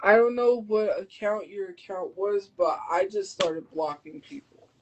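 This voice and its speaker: A woman on a live stream, reading and answering chat comments as she goes. She talks loudly out of habit and pushes back hard and defensively. Her voice sits in a middle pitch. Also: a little slow, low-quality recording. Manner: defensive, argumentative. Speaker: livestreamer.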